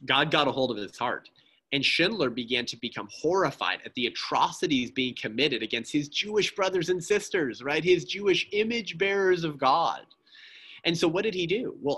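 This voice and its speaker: A man's voice: on the high side, bright, forceful tone, husky. A man giving an impassioned pro-life talk at a church, speaking emphatically, often asking "right?" and addressing the listeners as friends.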